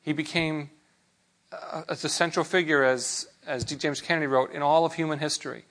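A man preaching a sermon in a relaxed, conversational way, with rhetorical questions and frequent restarts. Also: a little high, normal speed. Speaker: pastor.

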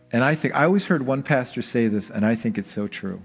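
A man preaching a sermon, telling a scripture story in an animated way, with bursts of excitement and dramatic slowdowns. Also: mid-range voice, vocal fry, breathy edge, soft background music. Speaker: pastor.

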